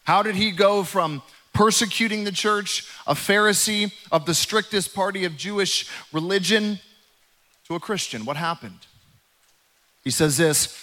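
Bright-voiced male preacher. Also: high voice, measured pace. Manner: animated, acts out scripture voices. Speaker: pastor. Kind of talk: sermon.

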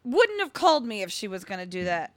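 A woman co-hosting a comedy podcast, chatting casually with blunt, profane, deadpan asides. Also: medium pitch, a little fast, no echo, clean studio sound. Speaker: podcast co-host. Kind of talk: casual chat.

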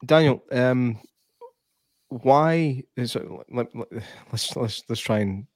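A man's voice: medium pitch, slow pace, no room sound. A man interviewing a guest, hesitant and restarting his questions, swearing casually.

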